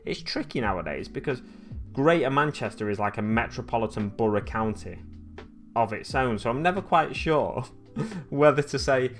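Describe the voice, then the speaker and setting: Painting miniatures on a live stream, a young Lancashire-accented man talks casually to his viewers, rambling and frequently correcting himself. He speaks at a medium pitch and normal speed in an animated way, with faint music behind him.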